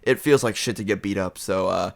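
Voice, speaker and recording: A man's voice: low-pitched, brisk, gravelly. A young man telling a casual storytime vlog, rambling with lots of fillers and swearing. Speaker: vlogger.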